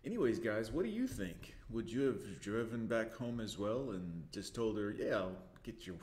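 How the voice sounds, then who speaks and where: A man's voice: on the low side, lively intonation, normal speed, darkish tone. A man hosting, giving laid-back, wry reaction commentary. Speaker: host reacting to clips. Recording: echoey room.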